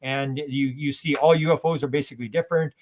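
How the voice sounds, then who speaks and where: A man's voice: medium pitch, steady tone, fast. A man from Canada, a guest in an interview, who rambles animatedly and acts out quotes.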